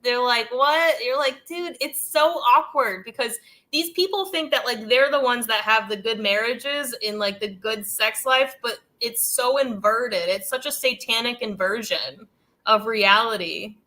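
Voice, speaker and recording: Woman host, casual rambling commentary, bright higher voice, amused asides. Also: unhurried. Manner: rambling, heavy use of "like" and "dude"; amused, laughs between thoughts. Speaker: channel host.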